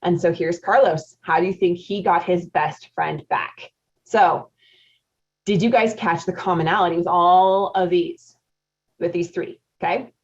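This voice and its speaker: A woman in her forties, a marriage coach hosting a live webinar, chatty, laughing often and quizzing her audience. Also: on the low side. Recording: dull lo-fi audio.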